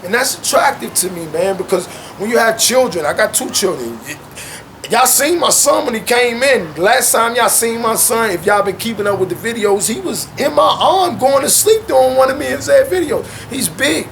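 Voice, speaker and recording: A man's voice: very high voice, moderate pace, gravelly, slight background noise. A young man talking casually and animatedly at home with his dogs, dropping "man" into nearly every thought. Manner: animated, loose slang-heavy talk with frequent "man". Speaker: guest. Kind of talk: casual chat.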